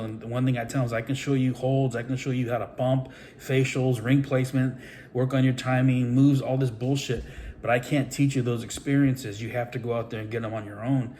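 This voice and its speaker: A middle-aged man with a fairly low voice tells a long story about his wrestling career in a loose, rambling way, stopping often with fillers and swearing freely. He talks casually, like a trainer addressing his followers, and a faint hum of ambience runs behind him. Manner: rambling, profane, with many fillers.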